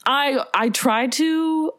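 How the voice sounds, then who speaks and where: A woman in her twenties co-hosting a podcast, telling animated stories in casual chat, swearing and laughing often. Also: sits high, extremely slow, dry recording. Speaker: podcast co-host.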